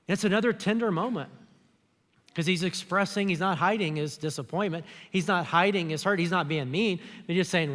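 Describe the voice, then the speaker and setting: High-voiced pastor preaching in a hall. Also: male voice, normal speed, fairly bright tone. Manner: conversational preaching, acts out quoted speech. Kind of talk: sermon. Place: church auditorium.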